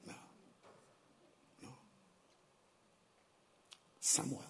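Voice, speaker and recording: Animated male pastor in a reverberant church. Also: mid-range voice, slow, pauses often. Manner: animated, laughing, rhetorical questions to the congregation. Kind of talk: sermon.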